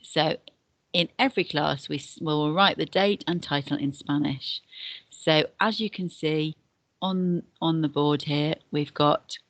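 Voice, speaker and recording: Low-voiced woman teaching a patient beginner lesson. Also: a little slow, no echo. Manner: patient, step-by-step teacher explaining and repeating. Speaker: deputy head and Spanish teacher. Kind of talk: recorded classroom lesson for beginners.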